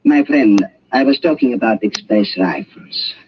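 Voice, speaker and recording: An actor playing a nervous, fawning German doctor with a German accent who stammers, in an old radio drama. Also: male voice, lowish voice, animated, measured pace. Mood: earnest. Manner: stammering, anxious, ingratiating. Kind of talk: 1940s radio drama acting. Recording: dull lo-fi old radio recording, faint hiss.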